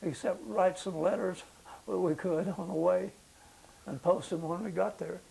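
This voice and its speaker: An older man with a high-pitched voice for a man and a gravelly edge to it, speaking in an oral history interview. He recalls the past slowly and haltingly, with frequent uh's and restarts as he works to remember. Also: fairly even intonation, warm tone, poor audio. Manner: halting recollection with many fillers. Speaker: veteran interviewee.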